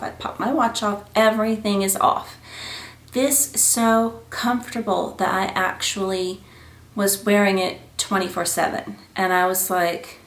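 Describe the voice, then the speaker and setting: A woman vlogger telling a story to camera in a chatty, animated way, acting out the lines of people in it. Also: mid-range voice, reverberant. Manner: chatty, animated, acts out quoted dialogue. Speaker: jewelry and luxury vlogger.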